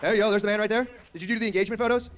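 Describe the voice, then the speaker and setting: A man's voice: high voice, steady tone, very fast, background noise. A man in his thirties doing a stand-up comedy set on a club stage. He is brash and profane, riffs with the crowd and acts out characters.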